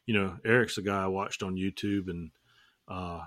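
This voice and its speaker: A man's voice: deep voice, fairly even intonation, normal speed, fairly bright tone. A man hosting a casual roundtable podcast, joking and teasing as he rambles along. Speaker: podcast host.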